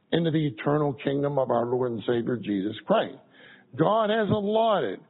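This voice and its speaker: A man preaching a sermon to a congregation, repeating phrases and swinging between loud and soft. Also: fairly high pitch, gravelly, husky. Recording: tinny phone-like sound.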